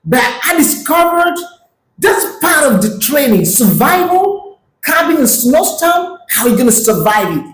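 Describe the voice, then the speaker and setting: A woman reacting to a clip, talking slowly with a bouncy, lively pitch. She exclaims and chats back at the screen. Her voice sits in a roomy, echoey space with a faint hiss underneath. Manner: chatty, exclaiming, talks back to the video. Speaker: reaction video host. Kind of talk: casual reaction commentary.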